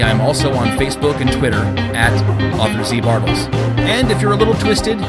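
A man, the author, reading his own fiction aloud in a measured storytelling manner. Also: fairly high pitch. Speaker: author and narrator.

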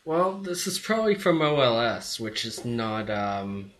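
A man's voice: mid-range voice, sing-song, a little slow, a loud crowd. A man on a casual podcast, stalling with repeated filler sounds while he thinks of what to say. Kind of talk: casual chat.

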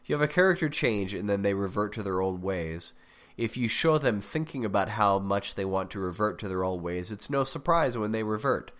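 Rambling, slightly low-voiced man with a sick voice. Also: expressive, fairly quick, fairly bright tone. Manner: rambling, self-interrupting, wry asides. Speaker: podcast host critiquing fiction. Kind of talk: casual spoken critique.

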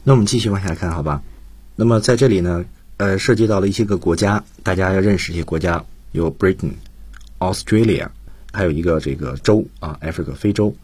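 A man's voice: low-pitched, fairly quick, a little mellow, husky, dry recording. A man co-hosting a radio English lesson, patiently explaining vocabulary and stressing key phrases for students. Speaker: radio English teacher, co-host.

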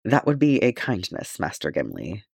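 A man's voice: fairly low pitch, huge pitch swings, normal speed, gravelly, a little mellow, slightly rough, dry recording, clean studio sound, full character voice. A man reading the part of a stern young warrior noblewoman in an audiobook, terse and stiff.

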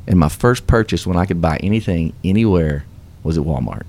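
Low and brisk with a darkish tone, a man speaks as a guest on radio. He relates his success story in an earnest, upbeat way with the emphasis of a preacher, as motivational storytelling in an interview.

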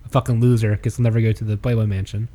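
A man's voice: fairly low pitch, little pitch movement, rapid-fire, dark tone. A man co-hosting a podcast, chatting casually with blunt, profane jokes. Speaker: podcast co-host. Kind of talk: casual chat.

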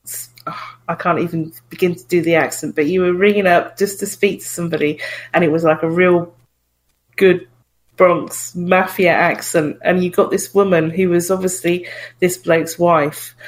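A woman's voice: fairly low pitch, rough recording. A woman hosting a podcast, asking questions in an enthusiastic, giggly manner. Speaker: podcast host. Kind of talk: casual interview chat.

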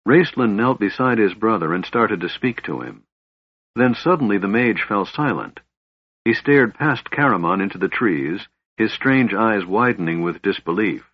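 Husky man reading a fantasy story. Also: fairly low pitch, animated, normal speed, dry recording. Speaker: audiobook narrator. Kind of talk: scripted narration. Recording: slightly dull, dry recording.

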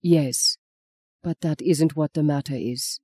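A reader voicing a subdued deep-voiced teenage soldier. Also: slow pace, a little mellow, breathy edge, dry recording, studio quality. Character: sixteen-year-old German soldier boy, deep-voiced, subdued. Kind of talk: audiobook character reading.

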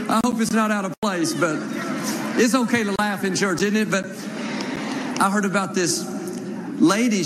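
A man preaching a sermon in a church, leading the congregation in call-and-response and telling folksy jokes. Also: sits high. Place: large church. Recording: noisy live church recording.

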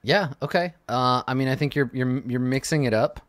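A man's voice: mid-range voice, moderate pace, a bit bright, no room sound, studio quality. A man narrating as game master of a tabletop game, rambling and hedging as he describes scenes.

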